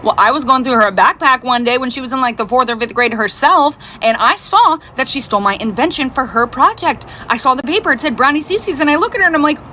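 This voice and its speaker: A bright, sharp-toned woman in her thirties, telling a casual storytime. Her pitch leaps all over as she acts out each quote, and she sits a little higher than most women. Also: fast, hardly any pauses, a little hiss or hum. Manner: animated, acts out quotes with big pitch jumps. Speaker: storyteller mother.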